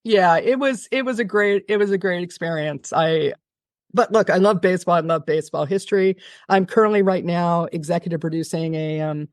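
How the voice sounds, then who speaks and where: A woman guest on an interview podcast, telling a long story in an animated, fast-talking way, often restarting her sentences. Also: fairly low pitch, dry recording, clean studio sound. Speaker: television producer, guest.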